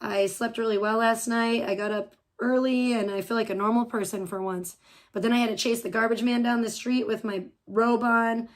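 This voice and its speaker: A woman's voice: a little high, fairly even intonation, normal speed. A woman live-streaming from home, reacting to another stream with profane, mocking, sarcastic commentary.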